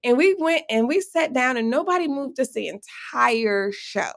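A middle-aged woman telling a lively personal story as an interview guest, acting out the voices she quotes. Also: sits high, normal speed, vocal fry. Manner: animated, acts out quoted voices.

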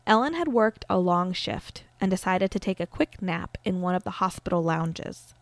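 A woman's voice: fairly low pitch, lively intonation, moderate pace, no room sound. A woman hosting a podcast, telling a true-crime story in a chatty, casual way with frequent fillers. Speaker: podcast host.

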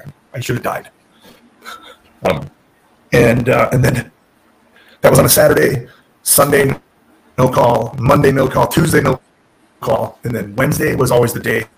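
A man who is a former wrestler and podcast guest, telling a story in casual, animated talk, restarting sentences and acting out what people said. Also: medium pitch, creaky, low-quality recording. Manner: animated, restarts and self-corrects, acts out quotes.

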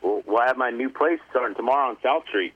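A man's voice: medium pitch, quick pace, breathy edge, no echo. Laid-back male caller on a phone line. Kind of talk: casual sports radio banter.

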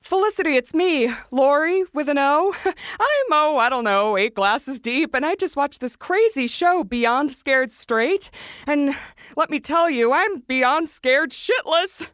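A woman's voice: high voice, expressive, takes it slowly, a bit bright, dry recording, studio quality, exaggerated voice. A woman playing a tipsy, rambling friend leaving a voicemail. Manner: rambling, giggly.

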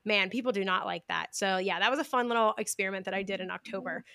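Intense young woman podcast host, forceful bright delivery, emphatic casual chat over a video call. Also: medium pitch, fast talker, gravelly, no echo, studio quality. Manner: intense, emphatic, talks like she is yelling.

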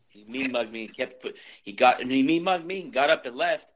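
Animated man telling sports stories. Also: mid-range voice, brisk, hardly any pauses, slight background noise. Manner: animated storyteller, acts out quoted exchanges. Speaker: podcast host. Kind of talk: casual sports chat.

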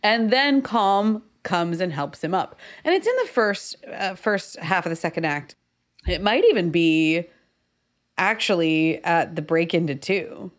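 A woman with a fairly low voice talking through a scene in casual podcast chat. She thinks aloud, trailing off and restarting with plenty of fillers. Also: animated, measured pace. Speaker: podcast co-host. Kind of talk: casual chat about screenwriting.

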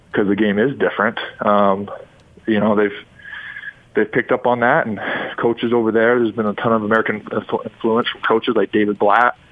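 A man's voice: on the low side, no room sound. A man in his thirties from Utah, a former pro basketball player, telling stories as a guest in a rambling, enthusiastic way. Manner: rambling and enthusiastic, frequent restarts. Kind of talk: sports radio phone interview. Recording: tinny phone line.

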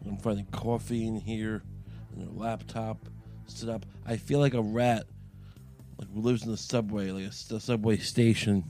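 A man's voice: fairly low pitch, little pitch movement, normal speed, mellow, soft background music. A man hosting a solo podcast, talking in a crude, profane, rambling comic way, his voice a little cracky from the morning, recording in a small closet. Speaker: podcast host.

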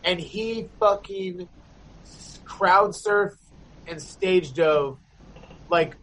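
A man's voice: sits high, extremely slow, a bit bright, poor audio. A man in a band telling a long, rambling story in casual chat, swearing constantly and packing his talk with fillers.

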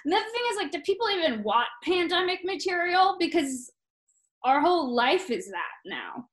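A comedian in her thirties chatting casually on a podcast from home, animated and full of swearing. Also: very high-pitched, normal speed, roomy sound. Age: 30s. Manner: animated, swears a lot, acts out stories. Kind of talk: casual chat. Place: her room at her parents' home.

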